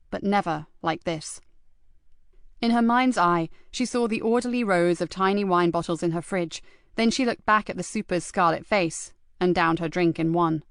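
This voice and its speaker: A woman narrating an audiobook in a measured, even storytelling manner. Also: on the low side, clean tone, no room sound, clean studio sound. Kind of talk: scripted narration.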